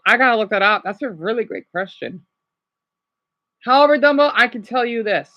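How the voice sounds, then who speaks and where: A man's voice: high voice, expressive, normal speed, pushed and bright. A man in his thirties rambling through casual vlog commentary while riding in a vehicle. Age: 30s. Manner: rambling, chatty, self-correcting. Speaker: vlogger. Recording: dull, lo-fi recording.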